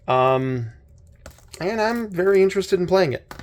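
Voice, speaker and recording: A middle-aged man hosting a casual unboxing chat, his voice a little hoarse, talking in a rambling, hesitant way with many restarts. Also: sits high, animated, a little slow, darkish tone. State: slightly hoarse. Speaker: channel host.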